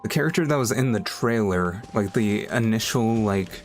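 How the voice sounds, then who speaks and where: A man's voice: on the low side, moderate pace. Chatty laughing streamer guy. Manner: chatty, laughing, many fillers. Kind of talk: casual gameplay commentary. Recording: voice over loud game music.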